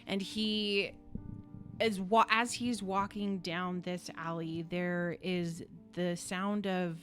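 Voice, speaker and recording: A woman runs a tabletop game as game master, describing each scene with frequent fillers. Her voice is on the low side for a woman and her pace is slow and measured. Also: level tone, fairly bright tone, faint music behind.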